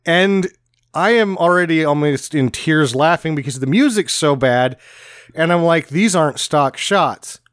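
A man's voice: on the high side, smooth, dry recording, clean studio sound. A man co-hosting a podcast, sarcastically complaining about a bad movie's music and shots. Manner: sarcastic, quick to complain, lively storytelling. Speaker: podcast co-host. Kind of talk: casual bad-movie commentary.

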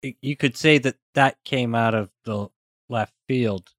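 A man's voice: mid-range voice, unhurried, a bit bright, no echo. Laid-back man on a podcast. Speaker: podcast co-host. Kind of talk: casual chat.

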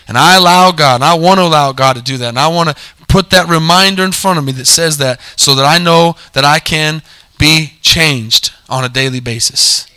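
A man preaching with a very bright, ringing voice that sits a bit high for a man. He stretches scripture out slowly and fires short questions at the church, answering each one himself. The sound is dry and close. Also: no room sound. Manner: call-and-response preaching, drawn-out scripture reading. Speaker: pastor. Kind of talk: sermon.

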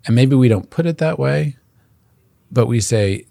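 A man's voice: mid-range voice, lively intonation, normal speed, vocal fry, dark tone, no room sound. A man hosting a Catholic podcast, reading an earnest scripted reflection that includes long quotations.

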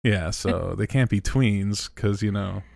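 A man's voice: on the low side, a little slow, gravelly, a little mellow, no room sound, clean studio sound. A man co-hosting a podcast, trading wry, teasing banter while recapping a TV episode. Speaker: podcast co-host. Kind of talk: casual TV episode recap chat.

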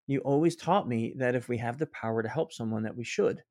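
A middle-aged man, a guest author, telling a personal story in an interview, animated and quoting people in his own voice, with frequent restarts. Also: medium pitch, a little fast, few pauses, no echo, studio quality.

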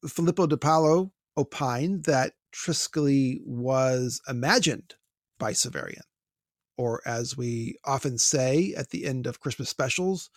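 A man's voice: medium pitch, no echo, studio quality. A man hosting a casual book discussion, reading out listener notes in a wry, wordy way and stumbling over pronunciations. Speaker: podcast host.

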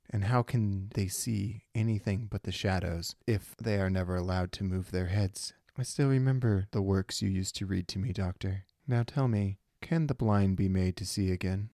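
A man voicing a lonely, lost ship computer AI in a solo tabletop game, speaking slowly and plaintively. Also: on the low side, dark tone, dry recording, clean studio sound, close to an everyday voice.

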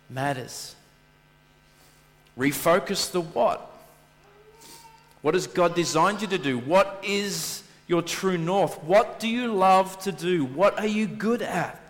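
A fairly high-pitched man delivers a sermon as pastor, telling lively stories and acting out what he said himself. His voice carries a long hall reverb. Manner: animated storytelling, acting out his own quoted lines.

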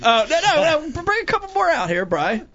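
A man hosting a casual live web show, excitable and quick to laugh. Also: very high-pitched. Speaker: host. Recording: dull lo-fi sound.

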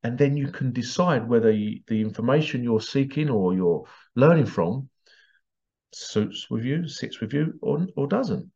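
Male podcast host, mid-pitched, chatty digressive monologue, throws in sound effects, slightly muffled audio. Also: animated, measured pace, warm tone. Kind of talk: casual rambling monologue.

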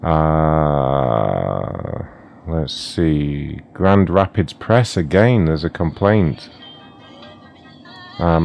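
Brief: male stream host, very low voice, loose and crude, faint music underneath. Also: creaky. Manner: loose, profane, joking. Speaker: prank call show host. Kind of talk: casual live-stream chat.

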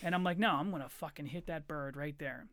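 A man's voice: a little high, fairly quick, no room sound. A young man hosting a casual podcast, telling stories animatedly and swearing freely. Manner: profane, animated storyteller. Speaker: podcast host. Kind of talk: casual chat. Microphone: studio microphone.

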